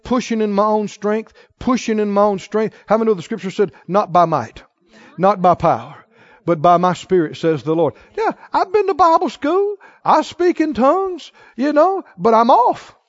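A male preacher with a high voice tells folksy stories from the pulpit and drives his points home with emphasis. He drops into a lower, sterner tone when quoting the Lord. The sound is dry and a bit dull. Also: expressive, normal speed, dry recording. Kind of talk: sermon with storytelling.

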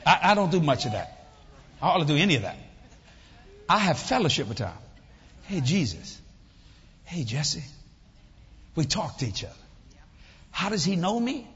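An older man preaches with a high, animated voice that swings between playful asides and acted-out voices. His sermon carries long reverb from a large hall, with a slightly muffled, dull tone and faint room noise behind. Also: a little fast, pauses often, slightly rough. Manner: animated storytelling, acts out voices, jokes with congregation. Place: church hall with audience.

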